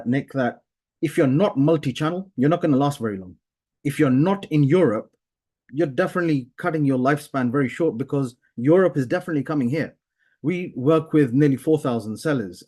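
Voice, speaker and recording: A man presenting his software on a webinar, speaking earnestly with many fillers and restarts, on a video call from a home office. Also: mid-range voice. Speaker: webinar panelist, software founder.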